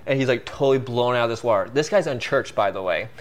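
A man as a guest, telling a story in a casual, animated way full of "like" and fillers. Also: mid-range voice, fast. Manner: animated, filler-heavy, peppered with "like".

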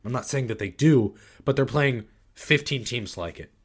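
A man's voice: mid-range voice, moderate pace, husky. A man hosting a sports podcast, giving blunt, sarcastic takes in a casual way with frequent restarts. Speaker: podcast host.

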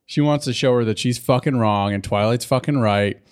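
A man's voice: medium pitch, brisk, darkish tone, clear, resonant tone. A man co-hosting a casual chat, swearing a lot and laughing often. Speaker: podcast co-host.

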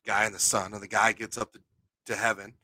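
A man co-hosting a podcast, a paranormal investigator chatting casually, animated and telling anecdotes with a swear now and then. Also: lowish voice, fairly quick, dry recording.

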